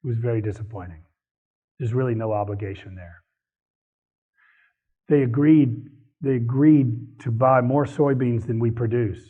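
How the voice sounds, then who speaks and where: A man giving a live talk to an audience, animated and opinionated, laughing between points. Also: medium pitch, normal speed, pauses often. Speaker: speaker on economic policy. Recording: husky voice over a tinny phone-like line.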